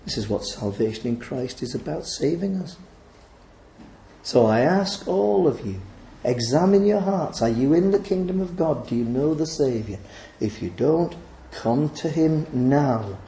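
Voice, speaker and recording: A man's voice: fairly high pitch, animated, unhurried, vocal fry, dark tone, echoey room, slight background noise, rough recording. A man preaching a sermon, emphatic and pleading in his appeals.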